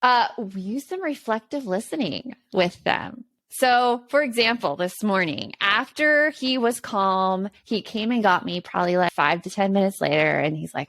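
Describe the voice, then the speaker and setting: A woman's voice: mid-range voice, animated, normal speed, few pauses, fairly bright tone, no echo. A woman co-hosting a casual parenting podcast, explaining earnestly with examples from her own home. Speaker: podcast co-host.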